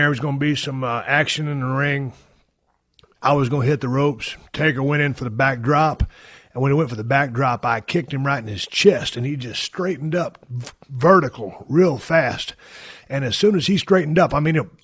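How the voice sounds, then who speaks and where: A man telling wrestling stories in a folksy, profane, animated way. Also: mid-range voice, no echo, clean studio sound. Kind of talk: casual storytelling.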